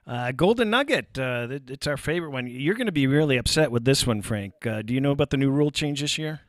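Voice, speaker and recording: A man explaining betting contest rules on a sports talk show, halting with many fillers. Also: medium pitch, animated, no echo, studio quality. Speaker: sports betting guest analyst. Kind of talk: sports talk radio chat.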